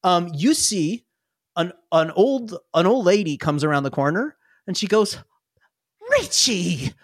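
A woman's voice: lowish voice, expressive, moderate pace, dry recording, studio quality. A woman narrating a tabletop game as game master, playful and laughing often.

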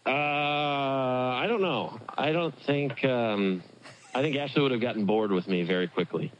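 A young man called on the phone as a guest, answering in a dry, wry, measured way. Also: medium pitch, dull audio, slight background noise. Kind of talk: casual phone chat.

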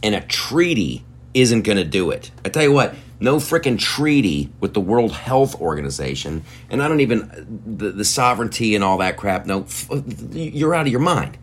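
A man's voice: lowish voice, big pitch swings, moderate pace, husky. A man hosting a podcast, delivering a heated, profane and sarcastic rant. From United States. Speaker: podcast host. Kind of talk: ranting podcast monologue.

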